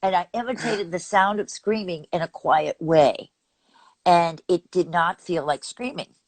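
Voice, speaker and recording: This is an older woman from Texas, working as a vocal coach and talking casually in an interview. Her voice sits somewhat low, and she speaks animatedly, laughing often. The recording is dry and close, with little room sound. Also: a little slow, no echo.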